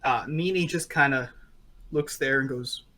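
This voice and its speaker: A man's voice: medium pitch, measured pace, pushed and bright. A man running a tabletop game as game master, narrating in a rambling way with many fillers.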